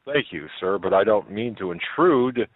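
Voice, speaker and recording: A man's voice: on the low side, animated, normal speed, no echo. A man voicing a humble, polite homeless older man who speaks meekly and apologetically. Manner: meek, apologetic. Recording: tinny phone-like line.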